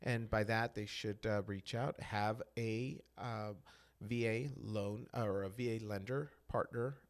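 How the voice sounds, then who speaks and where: A man's voice: fairly low pitch, fairly even intonation, slow pace. A man who is a loan expert, a guest in a casual podcast chat, easygoing and joking, with hesitant fillers.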